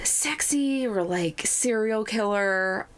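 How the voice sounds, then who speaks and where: A young woman chatting casually as a podcast co-host, animated and self-deprecating, often breaking into giggles. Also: mid-range voice, slow pace, a little hiss or hum. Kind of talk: casual chat.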